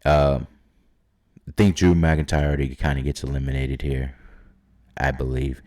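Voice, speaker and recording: A man's voice: extremely low pitch, level tone, moderate pace, a little mellow. A man casually talking through his wrestling predictions, rambling and hesitant with many fillers, sometimes quoting imagined fans and wrestlers. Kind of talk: casual solo prediction talk.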